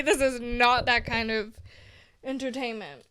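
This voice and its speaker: A woman's voice: a little high, fairly even intonation, extremely slow, pauses often, bright, forceful tone, clean tone, dry recording. A young woman from Brazil chatting casually to her viewers, giggly and playful, often dropping into a whisper. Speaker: vlogger. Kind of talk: casual chat to camera.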